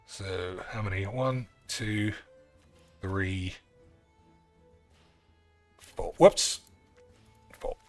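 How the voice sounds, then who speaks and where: A man's voice: low-pitched, very slow, long pauses, soft background music. A man chatting casually and swearing freely while streaming a card game. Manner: rambling, sweary, offhand. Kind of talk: casual live-stream chat while gaming.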